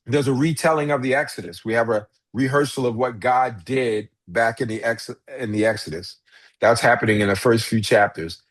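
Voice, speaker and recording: A man's voice: medium pitch, no room sound. A pastor giving an informal Bible class lecture, talking conversationally and restarting phrases as he explains. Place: church classroom.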